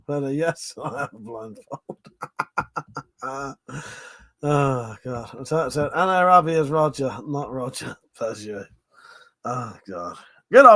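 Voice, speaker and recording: A man's voice: mid-range voice, a bit bright. A man hosting a live stream, chatting casually with viewers and laughing often between jokes and swearing.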